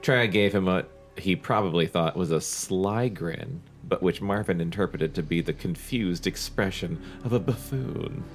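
A man co-hosting a podcast, reading a novel aloud in a steady, wry way. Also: deep voice, measured pace, hardly any pauses, faint music behind. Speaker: podcast co-host and reader.

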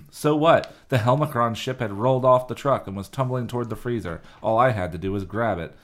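A man co-hosting a casual group read-aloud, reading calmly with wry asides. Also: mid-range voice, fairly quick. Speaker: podcast co-host reading aloud.

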